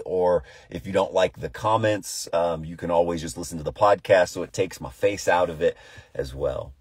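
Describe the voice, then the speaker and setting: A man pastoring a live morning devotional from inside a car, chatty and upbeat before turning to hushed, earnest prayer. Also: low voice, husky, no echo, studio quality.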